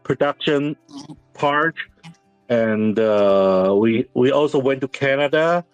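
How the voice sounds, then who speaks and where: A man's voice: mid-range voice, clean tone, no echo, muffled recording. Mandarin-speaking guy in his 50s, choppy english full of restarts, dry sound, faint music under. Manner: halting English with frequent restarts and laughs. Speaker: series director, interview guest. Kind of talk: candid interview storytelling.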